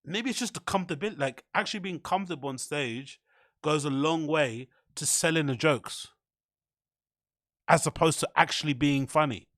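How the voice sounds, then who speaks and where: A man's voice: a little high, normal speed, fairly bright tone, no room sound, studio quality. A British man hosting a livestream reaction show, talking bluntly and rambling, with frequent swearing. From United Kingdom. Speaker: livestream host.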